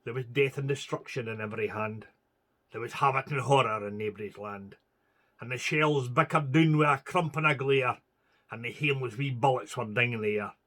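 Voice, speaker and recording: A man's voice: mid-range voice, bright, forceful tone. A man reciting a narrative poem in a rhythmic, theatrical way. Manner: rhythmic, theatrical verse reading. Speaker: poetry reciter. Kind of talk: dramatic poetry recitation.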